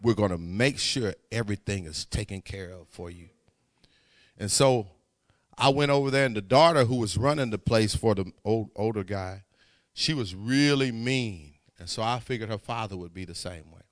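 A man preaching, telling a story in a sermon, swinging from quiet asides to shouting. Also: fairly low pitch, normal speed. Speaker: pastor.

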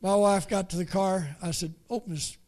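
A man preaching a folksy story, halting and repeating words as he goes. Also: high-pitched, fairly even intonation, darkish tone. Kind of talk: storytelling sermon.

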